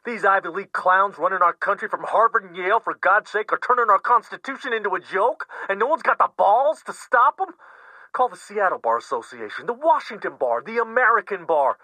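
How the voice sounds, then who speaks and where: A man's voice: high voice, lively intonation, fairly quick, pushed and bright, no echo, voice pushed up, full character voice, rough recording. An actor in a one-man stage play, playing an outspoken, indignant friend who curses when he is upset. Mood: outraged. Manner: blustering, profane, indignant. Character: fiery outspoken middle-aged man, lawyer friend.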